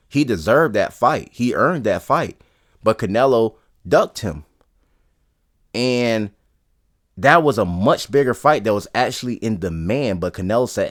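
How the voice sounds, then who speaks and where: A man giving casual, opinionated boxing commentary, talking bluntly and rambling from point to point. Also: mid-range voice.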